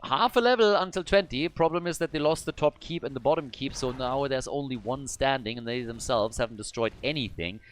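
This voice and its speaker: A man casting a live esports match, calm analysis broken by sudden bursts of hype. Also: medium pitch, a little fast, hardly any pauses. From Germany. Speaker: esports caster. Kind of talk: live esports play-by-play commentary.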